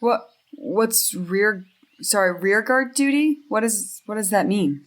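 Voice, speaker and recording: A woman's voice: mid-range voice, expressive, takes it slowly. A woman doing a stammering nervous sorcerer. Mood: confused. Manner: stammering, hesitant. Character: nervous young woman sorcerer hiding rage.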